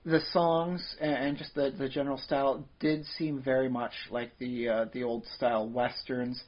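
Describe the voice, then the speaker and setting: A man's voice: mid-range voice, little pitch movement, normal speed. Rambling podcast man, lo-fi sound. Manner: rambling, many fillers and restarts. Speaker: podcast co-host. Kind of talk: casual chat. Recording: dull lo-fi podcast audio.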